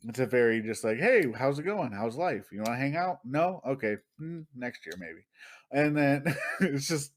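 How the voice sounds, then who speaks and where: A man with a medium-pitched, expressive voice co-hosts a casual podcast at a moderate pace. In casual chat he tells a story packed with swearing, acting out what other people said.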